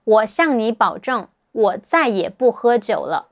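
A woman whose first language is Mandarin explains language points in a casual lesson, with a slightly high voice. She repeats each example phrase slowly and clearly into a close mic. Faint music plays under her voice. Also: very animated, lo-fi sound. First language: Mandarin Chinese. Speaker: Mandarin teacher.

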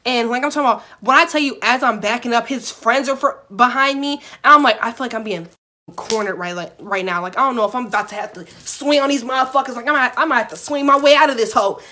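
Young woman vlogger, bright voice, animated and profane storyteller, sits a bit high in pitch. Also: quick pace. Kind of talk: storytime vlog.

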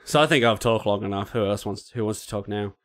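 A man's voice: lowish voice, quick pace, a bit bright. Rambling Australian man hosting a podcast. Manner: rambling, heavy on fillers. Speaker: podcast host. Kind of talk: casual podcast chat.

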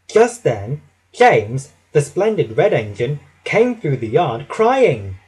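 A man narrating a children's storybook slowly and expressively, his pitch rising and falling a lot. His voice is slightly husky and breathy. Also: sing-song, darkish tone, poor audio. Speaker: storybook reader.

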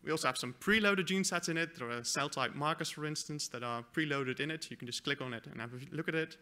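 A man giving a conference presentation, walking through a live software demo with a few fillers and self-corrections. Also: a little high, fast. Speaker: conference speaker. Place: conference hall.

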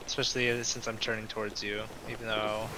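A man's voice: fairly low pitch, little pitch movement, a little fast, bright, forceful tone, slight background noise, poor audio. A man streaming a pirate game, casually chatting and directing his teammates. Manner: directing teammates, giving instructions. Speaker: streamer leading the crew. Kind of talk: casual gaming chat.

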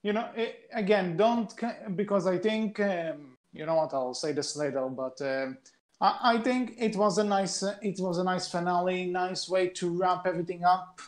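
A man's voice: high-pitched, moderate pace. A man co-hosting a podcast, his voice sitting a little above the usual male range. He talks in a casual, rambling way, hedging and circling back over his points. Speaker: podcast co-host.

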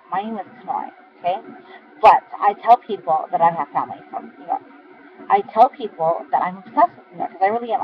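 A young man with a high voice rambles to his camera at home at night, repeating words and trailing off. The camera's built-in mic gives a dull, lo-fi sound. A faint fan hum runs underneath. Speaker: vlogger. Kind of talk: casual rambling vlog.

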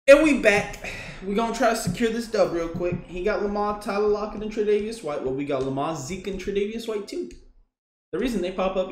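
A young man giving live gameplay commentary, excitable, yelling at plays, swearing and laughing. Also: a little high, echoey room, slight background noise. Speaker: gaming YouTuber.

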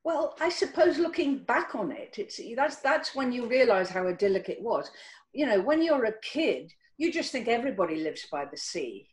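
Lively older woman telling stories on a call. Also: moderate pace, rough recording. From Cornwall, England. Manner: warm storytelling with lively pitch, many restarts. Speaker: actress guest. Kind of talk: casual interview over video call. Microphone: video call.

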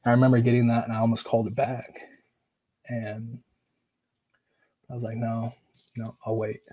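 Husky, flat-voiced man telling his story. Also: mid-range voice, normal speed, rough recording. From Oregon, USA. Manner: casual, filler-heavy, acts out quoted dialogue; earnest and emotional. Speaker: podcast guest. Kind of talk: personal storytelling in conversation.

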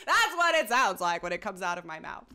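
A woman's voice: medium pitch, very animated, fairly quick, pushed and bright. An American woman hosting a video chat, talking in a rambling, self-deprecating way and laughing often. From United States. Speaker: host. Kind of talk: casual chat.

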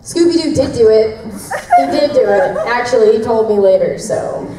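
A woman's voice: fairly high pitch, expressive, moderate pace, dark tone, far from the mic. Bubbly woman on an echoey convention panel. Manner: bubbly, laughs often, acts out voices in stories. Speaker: voice actress answering fan questions. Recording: echoey hall, mic heard from afar.

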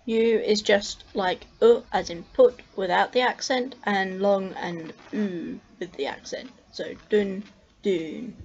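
A young Australian woman tutoring language explains letter sounds to the camera, demonstrating each one carefully with frequent ums. Her medium-pitched, darkish voice is unhurried with few pauses, and the lo-fi recording sounds slightly muffled.

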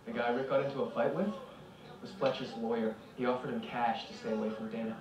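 A man's voice: mid-range voice, steady tone, fast, a crowd in the background, natural voice. An actor playing a matter-of-fact male investigator. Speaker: investigator colleague. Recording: roomy distant TV soundtrack, music behind.

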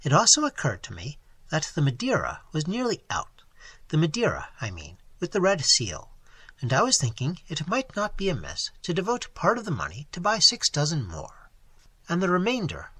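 A man's voice: on the high side, a bit bright, breathy edge, no room sound, full character voice. A man voicing a plump, pompous, self-pitying country clergyman who rambles on self-righteously.

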